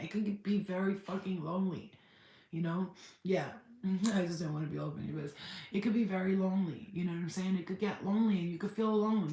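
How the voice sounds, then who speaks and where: Woman, low voice, candid livestream chat, curses freely, echoey room. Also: darkish tone. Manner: candid, chatty, swears freely, answers viewer comments. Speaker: spiritual livestream host.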